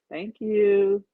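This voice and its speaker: A woman's voice: mid-range voice, dark tone, slight background noise. A woman with a Southern US accent hosting a casual crafting livestream, chatting and thanking viewers as she works. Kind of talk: casual live-stream chat. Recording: dull, dry, lo-fi stream audio.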